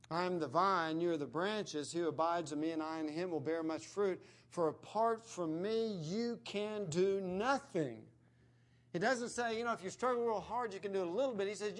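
A man delivering a sermon in a slightly raised register. He preaches earnestly, leaning hard on key phrases with emphatic stresses. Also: fairly high pitch.

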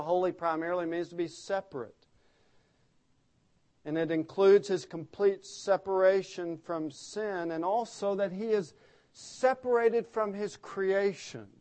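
A man's voice: fairly high pitch, a little mellow. A man preaching an expository sermon, explaining the text earnestly and stressing key words by repeating them.

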